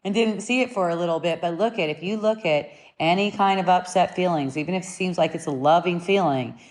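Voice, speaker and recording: A fairly low-pitched woman with a darkish tone delivers spiritual teaching slowly and reflectively. She often returns to her points in new words and now and then stresses them with short, insistent commands.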